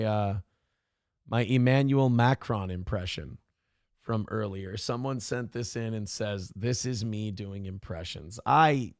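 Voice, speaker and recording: A man's voice: medium pitch, no room sound, clean studio sound. A man hosting a live-stream talk show, ranting in a profane, exasperated, rambling way.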